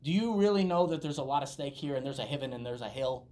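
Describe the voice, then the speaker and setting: A man's voice: mid-range voice, animated, quick pace, darkish tone. A man preaching a sermon as a pastor, talking conversationally and telling stories, building to emphatic peaks.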